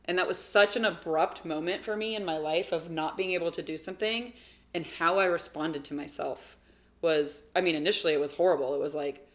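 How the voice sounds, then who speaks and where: A woman in her thirties co-hosting a wellness podcast, talking in an earnest, reflective way and getting animated when she acts out her own thoughts. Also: on the low side, brisk. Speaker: podcast co-host, physical therapist. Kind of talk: casual chat.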